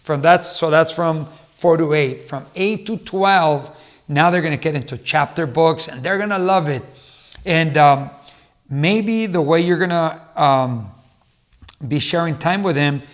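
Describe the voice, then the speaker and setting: Man, middle-aged, slightly high voice, earnest, casual advice talk, former teacher, restarts often. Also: a little slow. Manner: earnest, repeats himself with restarts. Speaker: motivational speaker and former teacher.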